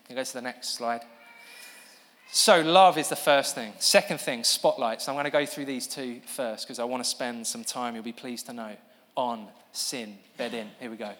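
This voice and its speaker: A man's voice: mid-range voice, moderate pace, fairly bright tone. A man giving a sermon to a live audience, explaining earnestly and breaking off to ask for the next slide. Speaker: preacher. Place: church hall with an audience. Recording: long hall reverb.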